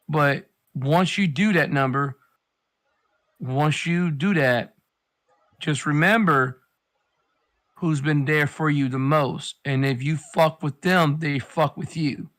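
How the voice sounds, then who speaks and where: A man with a slightly high voice talks in a loose, rambling way. He swears freely and keeps circling back as he gives a friend blunt life advice. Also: fairly even intonation, takes it slowly, pauses often, a bit bright. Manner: rambling, profane, advice-giving. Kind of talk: casual chat.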